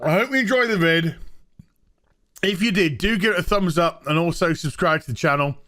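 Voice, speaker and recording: A man's voice: fairly high pitch, normal speed, bright, forceful tone. A man giving a sarcastic, swearing recap of a TV episode he dislikes, scornful and casual. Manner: swears freely. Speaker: TV show reviewer.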